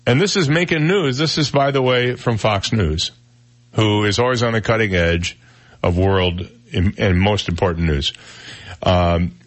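A man hosting a talk radio show, chatting wryly and joking about odd news stories in a studio. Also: lowish voice. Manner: wry, joking, drawn-out delivery.

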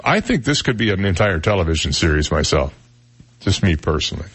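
A man's voice: fairly low pitch, a bit bright. A man hosting a talk radio show, chatting wryly and joking about odd news stories in a studio. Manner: wry, joking, drawn-out delivery.

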